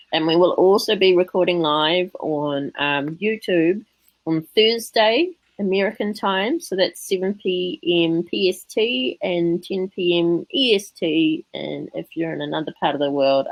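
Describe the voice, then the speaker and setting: A woman's voice: fairly low pitch, no echo, rough recording. A woman with an English accent hosting a casual podcast panel chat, chatty and laughing often. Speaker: podcast host.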